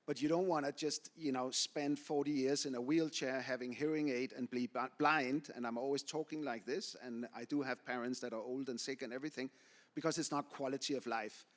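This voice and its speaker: A man's voice: mid-range voice, steady tone, brisk. Blunt, opinionated man on a panel. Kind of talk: panel discussion.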